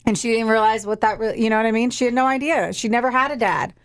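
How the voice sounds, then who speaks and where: A woman's voice: a little high, fast talker. A young woman co-hosting a podcast, retelling a true-crime case in casual, profane, emphatic chat. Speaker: podcast co-host.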